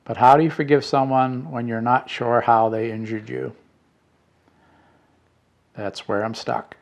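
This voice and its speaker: A middle-aged man reading out letters and reflecting, in a slow, halting way with fillers and restarts. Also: medium pitch, fairly even intonation, vocal fry. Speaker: spiritual podcast host.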